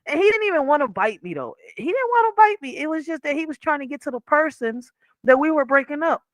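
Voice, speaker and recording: A woman's voice: high voice, sing-song, fast, fairly bright tone, dry recording, low-quality recording. A woman hosting a livestream from her chair at home, telling a story in a casual, profane, laughing way. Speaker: livestream host. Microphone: wearing headphones.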